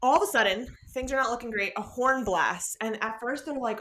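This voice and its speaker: A young woman co-hosts a casual podcast, recapping a story with lively quoted voices and frequent laughter. Her voice sits fairly high and sounds bright and forward. She talks in an easygoing conversational way. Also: fairly quick. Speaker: podcast co-host. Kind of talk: casual book-discussion chat.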